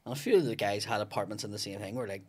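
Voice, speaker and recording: Racing along in a low, slightly mellow voice, a comedian guest spins a lengthy story on a podcast, profane and voicing the other characters himself. He's on a studio podcast mic, with slight background noise.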